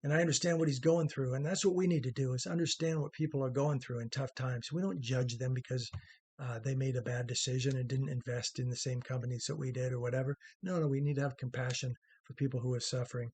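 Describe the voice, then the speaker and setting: A man's voice: mid-range voice, steady tone, fast talker, a little mellow, husky. A middle-aged man hosting an opinion commentary monologue, rambling and conversational with many fillers and restarts, earnest in tone. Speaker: host.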